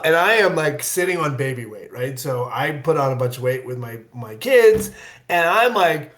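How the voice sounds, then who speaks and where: A man from the American Midwest telling a rambling, self-deprecating story in casual chat, getting animated when he quotes himself. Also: fairly high pitch, brisk, reverberant. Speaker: guest actor.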